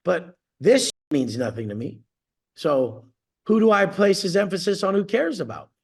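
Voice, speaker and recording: Gravelly, profane man ranting. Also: sits high, big pitch swings, moderate pace. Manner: profane, blunt, boastful rant. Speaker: coach. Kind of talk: ranting on a coaching call. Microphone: video call.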